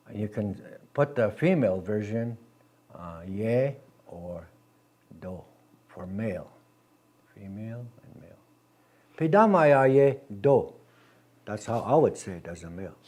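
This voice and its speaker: A man teaching a language class, patient and gentle, repeating words slowly with many halting restarts. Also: lowish voice, breathy edge.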